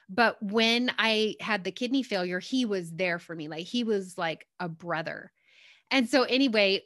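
A woman's voice: mid-range voice, a bit bright, no echo, studio quality. A young adult woman telling a personal story in a casual, rambling way, often circling back with "anyway" and "like". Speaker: guest sharing her story.

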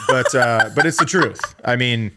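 A man speaking earnestly in casual chat, with halting starts as he works out his thoughts. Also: mid-range voice, background noise.

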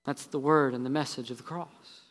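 A male pastor preaching a sermon. He shifts between quick, heavy sarcasm and slow, low emphasis on his key points. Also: fairly even intonation, fairly bright tone, long reverb tail. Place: church sanctuary.

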